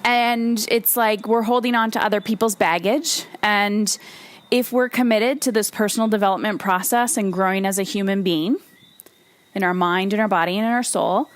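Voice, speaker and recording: A woman's voice: medium pitch, normal speed, no room sound. Emphatic woman giving motivational talk. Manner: emphatic, candid, with blunt swearing; repeats key phrases for emphasis. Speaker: podcast host and coach.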